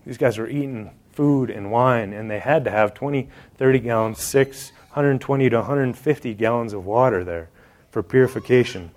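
A man's voice: medium pitch, normal speed, a little mellow. A man preaching a sermon, joking and talking straight to the congregation in an indoor hall. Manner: conversational and joking, addressing the congregation directly.

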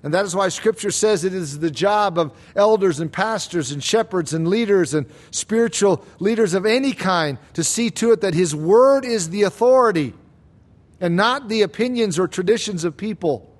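Male preacher, pitched high, who hammers key points slowly and quizzes his listeners. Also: lively intonation. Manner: emphatic, slows down and rises on key claims; asks the congregation rhetorical questions. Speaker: pastor. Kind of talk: expository sermon.

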